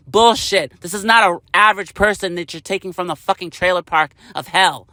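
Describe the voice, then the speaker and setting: Male vlogger, high bright voice, angry profane rant, dry close sound. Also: steady tone, brisk, few pauses, no echo. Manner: heated, profane, emphatic.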